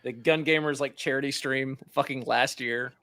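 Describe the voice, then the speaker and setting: A man's voice: mid-range voice, steady tone, normal speed, fairly bright tone, no room sound. A man co-hosting a podcast in casual chat, blunt and swearing casually. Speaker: podcast co-host.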